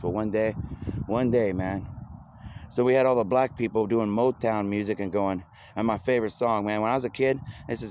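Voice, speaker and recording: A man rambling excitedly in an outdoor monologue, repeating himself as he goes. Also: fairly low pitch, fairly quick. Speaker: video blogger. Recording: noisy outdoor recording.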